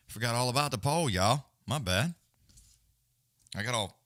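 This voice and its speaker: A man's voice: medium pitch, moderate pace, pauses often, dry recording. A man hosting a live stream, rambling casually with lots of swearing. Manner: rambling, profane, animated. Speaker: livestream host.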